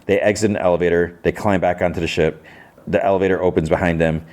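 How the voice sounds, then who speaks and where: A man's voice: low voice, steady tone, fast, darkish tone. A man hosting a podcast, casually recapping a TV episode in a rambling way, with frequent restarts and lots of "he's like" quoting. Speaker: podcast host.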